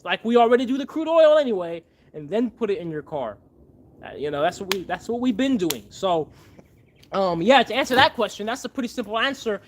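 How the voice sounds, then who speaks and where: A man's voice: high-pitched, slight background noise. A man hosting a casual livestream, chatting and explaining to his viewers as he answers their questions. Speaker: livestream host.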